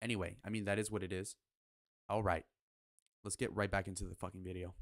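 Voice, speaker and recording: A young man in his twenties reacting to clips of himself in a loose, profane way, quick to flare up with disbelief. His voice sits on the low side. It sounds dry, with hardly any room around it. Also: dry recording. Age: 20s. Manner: blunt, profane and excitable. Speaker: streamer reviewing his own speed date. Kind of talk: casual reaction commentary.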